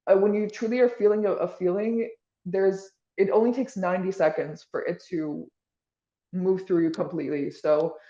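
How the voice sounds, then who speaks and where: A woman's voice: on the low side, steady tone, normal speed, warm tone, echoey room, lo-fi sound. A woman being interviewed, talking in a casual, rambling way with lots of "like" and restarts. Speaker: podcast guest.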